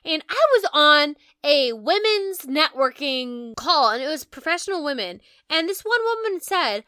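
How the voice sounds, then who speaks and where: Bright high-voiced woman, lively and candid. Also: unhurried, few pauses, no echo, studio quality. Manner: lively, candid, swears casually. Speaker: podcast co-host. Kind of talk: casual podcast chat.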